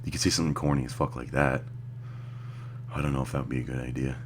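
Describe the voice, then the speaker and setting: A man's voice: very deep voice, fairly even intonation, quick pace, slight background noise. A young man giving crude, sarcastic reaction commentary on a clip, rambling and joking.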